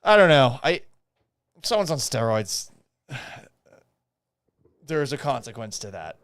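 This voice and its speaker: A man's voice: mid-range voice, unhurried, no echo. A man hosting a live podcast stream, ranting casually and profanely while reading chat comments. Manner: profane, animated and sarcastic. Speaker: podcast host reacting to a baseball loss.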